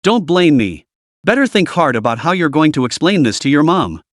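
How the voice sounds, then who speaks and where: A man voicing a calm, faintly mocking middle-aged official in a read-aloud story. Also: a little high, moderate pace, dry recording, clean studio sound. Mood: amused. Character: sly middle-aged male official, amused.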